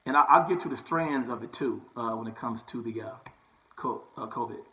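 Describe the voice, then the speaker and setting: A man's voice: mid-range voice, brisk, pushed and bright, low-quality recording. Chatty man telling a story. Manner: chatty, repeats "right?" and "okay?" often. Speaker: barber and vlogger. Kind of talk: casual storytelling to camera.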